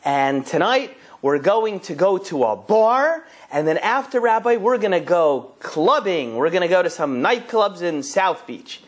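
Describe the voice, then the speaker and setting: A man voicing an easygoing young male college student in casual, drawling slang, a little higher than his own voice. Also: lively intonation, a little slow, few pauses, husky, heavily acted. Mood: eager.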